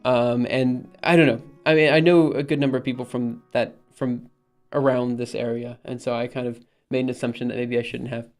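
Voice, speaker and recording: A man's voice: medium pitch, flat delivery, a little fast, hardly any pauses, a little mellow, faint music behind. A young man rambling in casual live-stream chat, reading messages aloud and repeatedly insisting things are fine. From United States. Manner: rambling, reads chat aloud, exasperated but reassuring.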